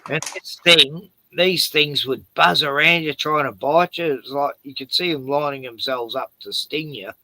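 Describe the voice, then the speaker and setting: A man telling animated stories in casual chat on a stream, swearing freely. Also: on the high side, normal speed, hardly any pauses, a little hiss or hum, low-quality recording.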